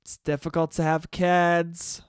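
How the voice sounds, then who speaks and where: A man in his twenties hosts a casual solo podcast, rambling through stories, swearing freely, and laughing at his own jokes. His voice is a little high, smooth, and a little slow, with a completely flat delivery, in studio-quality sound with no echo.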